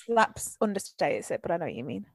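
A woman's voice: fairly low pitch, big pitch swings, fairly quick, husky, no room sound. A woman co-hosting a podcast, reacting and sympathising as she listens. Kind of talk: casual chat.

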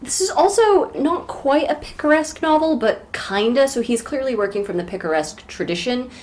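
A woman's voice: sits high, expressive, fairly quick, a little mellow. A woman co-hosting a podcast who chats casually about a novel with wry, joking asides. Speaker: podcast co-host. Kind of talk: casual book discussion.

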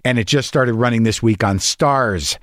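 A man's voice: mid-range voice, moderate pace, no echo, clean studio sound. A middle-aged man hosting a podcast, rambling and profane, with many restarts. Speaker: podcast host. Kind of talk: casual monologue and interview.

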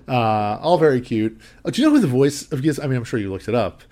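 A man co-hosting a casual podcast, recapping a movie. He rambles along, full of fillers and restarts, and laughs easily. His voice sits in an ordinary middle pitch. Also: lively intonation, fast, mellow. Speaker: podcast co-host. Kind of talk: casual chat recapping a film.

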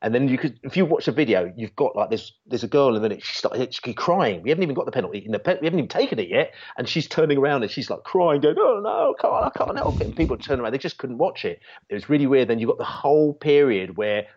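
A man's voice: mid-range voice, expressive, fast talker, a little mellow, slightly rough. A man telling a long football fan story in casual chat, rambling with many restarts and fillers. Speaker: football fan channel guest. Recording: dull lo-fi sound.

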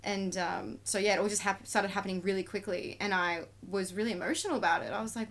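Quick and barely pausing, this woman's medium-pitched, slightly bright voice stays fairly even in intonation. She's a tattoo artist appearing on a podcast, sharing her life openly and emotionally in candid, conversational stories and performing the quoted back-and-forths.

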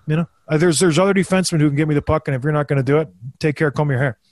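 Thirties guy, ex hockey player co-hosting, animated storyteller, bit high voice, dry close mic. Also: very fast, dry recording. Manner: animated, acts out quotes in a raised voice. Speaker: former hockey player, podcast co-host. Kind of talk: casual storytelling chat.

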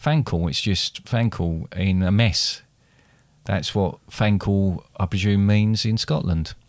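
A man co-hosting a casual podcast, playfully putting on regional accents, laughing often and drawling phrases slowly. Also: low voice, a little mellow, no echo. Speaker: podcast co-host.

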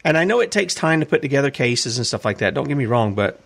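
A man's voice: mid-range voice, expressive, fast, creaky, a bit bright. A man hosting a casual commentary show, reading news articles aloud and asking rambling questions about them. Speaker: host.

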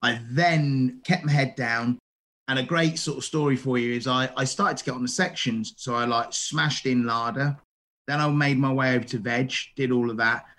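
A middle-aged man, a chef, telling stories in a casual interview, animated and full of restarts. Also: medium pitch, normal speed. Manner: animated, acts out quoted dialogue, frequent restarts. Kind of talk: casual storytelling.

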